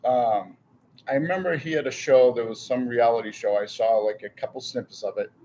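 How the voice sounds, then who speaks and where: A man's voice: medium pitch, fairly quick, dark tone, low-quality recording. A man answering questions in a casual podcast chat, easygoing and thoughtful. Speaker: podcast guest.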